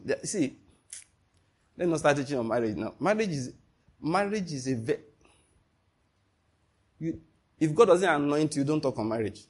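A man preaching a sermon, animated and emphatic, asking his listeners one rhetorical question after another. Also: fairly high pitch, husky.

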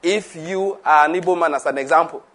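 A man's voice: a little high, fairly quick, fairly bright tone. A man preaching a conversational sermon, laughing often, repeating himself and asking the audience questions.

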